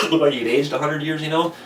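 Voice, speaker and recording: A man hosting a casual chat, telling a long, animated, profane story and acting out his own reactions. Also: on the high side, moderate pace. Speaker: podcast host telling a story. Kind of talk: casual storytelling over beers. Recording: roomy, distant mic with faint noise.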